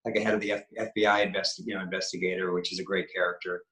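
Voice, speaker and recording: A middle-aged man with a Maine accent talks in a halting, restarting way. His voice is forceful and bright. It is recorded with a roomy echo. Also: deep voice, flat delivery. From Maine, USA. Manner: halting, many restarts and fillers. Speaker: guest actor. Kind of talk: casual interview chat.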